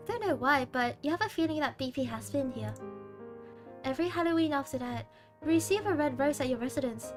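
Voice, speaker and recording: High-voiced girl streaming a game, bouncy lively delivery, reads slow, music under it. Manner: animated, dramatic reactions. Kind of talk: game stream, reading game text aloud.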